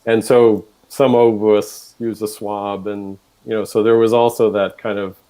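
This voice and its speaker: A man, a composer, chatting on stage about writing a piece, halting and searching for words. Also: fairly low pitch, flat delivery, mellow, poor audio. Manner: hesitant, full of fillers and restarts. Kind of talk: casual onstage chat.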